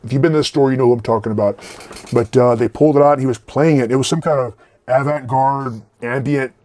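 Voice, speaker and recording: A man's voice: mid-range voice, quick pace, a little mellow. A man in his forties telling rambling, profane stories about record stores in a casual way. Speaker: vlogger and record collector. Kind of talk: casual storytelling.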